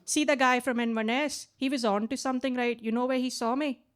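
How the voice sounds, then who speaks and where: This Indian woman in her late twenties is a stand-up comedian working a basement club's stage mic with a chatty set. Her high-pitched, twangy voice has fairly even intonation and runs a little fast, and she ends lines with "right?".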